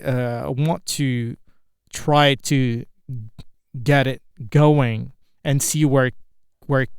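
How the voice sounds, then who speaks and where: Slow, halting Indonesian-accented man. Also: mid-range voice, darkish tone, smooth, no echo, studio quality. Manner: halting, searching for words, frequent restarts. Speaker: English learner practicing speaking. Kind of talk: unscripted speaking-practice monologue.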